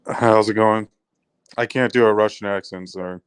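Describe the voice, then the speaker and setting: Man, casual stream chat, relaxed, smooth clear voice, slightly low. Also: moderate pace. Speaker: live stream guest.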